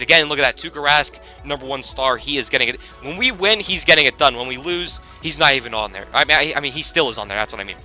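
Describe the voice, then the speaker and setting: A man commentating his own hockey video game season, excitable and quick to shout at big plays, with rambling asides. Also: on the high side, poor audio. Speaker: gaming YouTuber.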